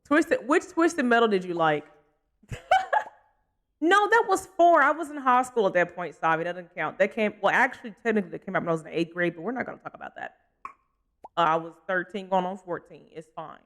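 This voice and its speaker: This young adult streamer's voice is medium-pitched and a bit bright, delivered briskly with lively intonation. Commenting casually on their gameplay, they chat loosely, change topics freely, laugh readily and stop now and then to answer chat.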